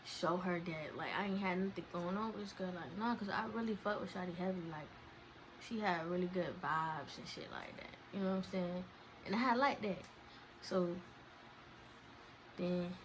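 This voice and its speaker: A young woman vlogger telling a story in a casual, slangy, profane way. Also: fairly low pitch. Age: young adult.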